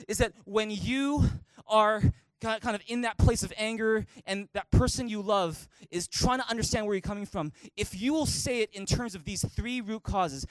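High-voiced pastor preaching with animation. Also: male voice, no room sound. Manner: animated, acts out quoted voices. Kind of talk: sermon. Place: church auditorium.

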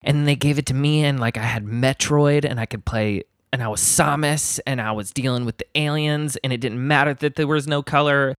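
A man talks casually and at length, his speech wandering through asides and stories. He gets animated and lively when something excites him. The room is dry, with no echo at all. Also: medium pitch, fairly quick, few pauses, clear, resonant tone. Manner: rambling, animated storytelling. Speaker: guest musician. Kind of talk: casual conversation.

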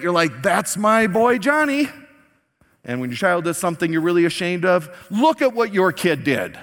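A male pastor preaching a sermon, telling a story with lively acted-out quotes. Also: high voice. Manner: animated storytelling, acting out quoted lines. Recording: long hall reverb.

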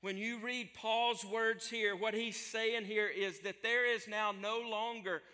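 Male pastor, emphatic repetitive preaching, bright forceful tone, reverberant hall. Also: sits high, fairly even intonation, slow. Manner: emphatic preaching with repeated phrases. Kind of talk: sermon.

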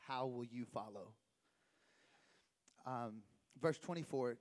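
A man starting a sermon in church with a measured, quiet delivery. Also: mid-range voice, steady tone. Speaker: preacher. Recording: reverberant hall.

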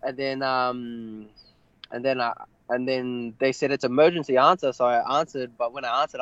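A young man, an MMA fighter, telling a personal story in an interview, halting and full of fillers. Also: mid-range voice, steady tone, a bit bright, clear, resonant tone, no room sound, dull audio. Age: young adult. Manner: halting, many fillers and restarts.

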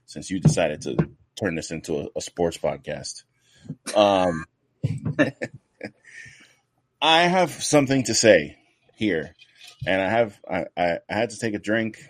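A man hosts a casual podcast in a low, deep voice. He rambles loosely through banter and swears freely. The sound is very dry and close, with no room behind him. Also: big pitch swings, unhurried, pauses often, no echo. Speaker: podcast co-host.

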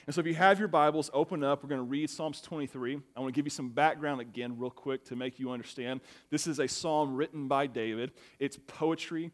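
A man's voice: mid-range voice, fairly even intonation, brisk, hardly any pauses. A young adult man preaching as pastor to a family watching online, telling stories in a conversational way with frequent restarts. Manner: conversational, storytelling, repeats words when starting.

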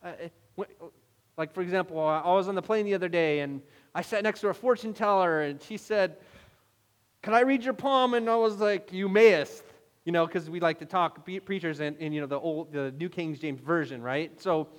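Pastor, male, higher register, animated storyteller, echoing church hall. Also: a little fast, hardly any pauses. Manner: animated storytelling, mock-exasperated asides. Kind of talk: sermon. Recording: long hall reverb.

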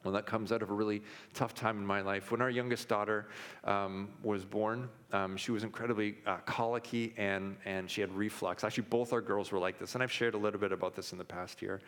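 A man in his thirties delivers a sermon in a fairly low voice, sharing candid personal stories with plenty of restarts and fillers. His words ring out with a long reverb, as in a large hall. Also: steady tone, brisk, a bit bright. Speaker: pastor.

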